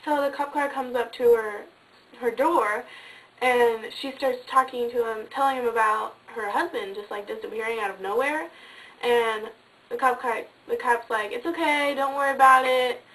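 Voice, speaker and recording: A woman casually telling a ghost story in a chatty way with lots of fillers, sometimes dropping to a hush. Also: a little high, fairly even intonation, normal speed, far from the mic, poor audio. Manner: chatty, many fillers, drops to hushed tones.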